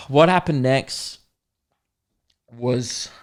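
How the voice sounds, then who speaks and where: A man hosts a podcast and spins a comedic story. He talks in an animated, swearing, mock-dramatic way. His voice sits at a middle pitch. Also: extremely slow. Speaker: podcast host.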